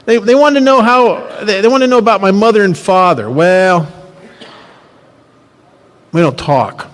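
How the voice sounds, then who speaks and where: A man speaking at a recovery workshop, telling personal stories in an animated, repetitive way. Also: high-pitched, moderate pace. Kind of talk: personal storytelling talk. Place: workshop hall. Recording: reverberant hall.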